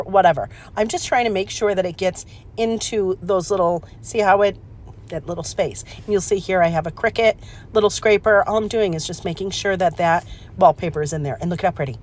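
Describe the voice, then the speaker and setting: A woman walks through a craft project in a chatty, excitable way. She pokes fun at her own measuring and fills her pauses with little "um"s. Her voice sits at an ordinary middle pitch. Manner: chatty, excitable, self-deprecating, lots of "um". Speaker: craft channel host. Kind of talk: casual how-to demonstration.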